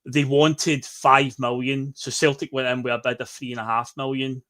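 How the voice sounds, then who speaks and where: A man co-hosting a casual football podcast, ranting in an exasperated, animated way. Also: medium pitch, normal speed. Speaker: podcast co-host.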